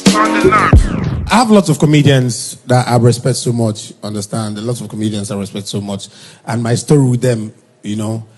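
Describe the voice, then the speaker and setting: A man telling comic stories in Nigerian Pidgin English, jumping into high, shouted voices for the people he quotes. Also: moderate pace, soft background music. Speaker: stand-up comedian. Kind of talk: comic storytelling monologue.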